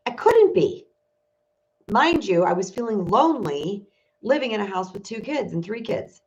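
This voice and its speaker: A woman's voice: medium pitch, lively intonation, normal speed. A woman life coach speaking to her viewers in a candid, emotional, confessional way, like a casual livestream. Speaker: spiritual empowerment coach. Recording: dull lo-fi stream audio.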